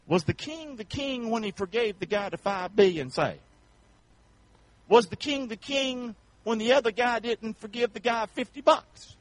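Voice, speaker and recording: A male pastor preaching a sermon in a folksy, colloquial way, leading the congregation in call-and-response and swinging from shouts to hushed tones. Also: high-pitched, dry recording, low-quality recording.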